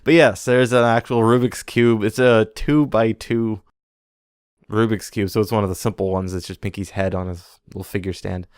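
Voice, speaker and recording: Man, podcast co-host, low voice, casual news chat, punny asides, dry close sound. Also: fairly even intonation, moderate pace, smooth, no room sound. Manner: reads news items, jokey puns.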